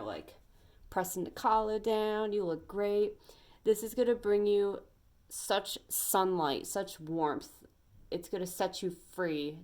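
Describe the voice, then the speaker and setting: A woman's voice: on the low side, a little mellow. A young adult woman giving an earnest, emphatic pep talk as a tarot reader, rambling a little as she goes.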